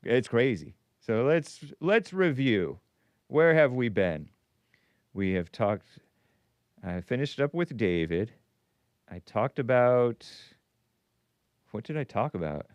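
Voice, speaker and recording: A man's voice: medium pitch, sing-song, slow pace, long pauses, no room sound, dull audio. A man hosting a call-in show, rambling and musing aloud, breaking off mid-phrase and chuckling. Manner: rambling, self-interrupting, chuckling. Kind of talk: casual radio call-in talk.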